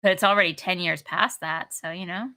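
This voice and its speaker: A woman's voice: lowish voice, fairly even intonation, a little fast, sharp tone. A young woman co-hosting a game stream, chatty and giggly, wandering off on tangents. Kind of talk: casual game-stream chat.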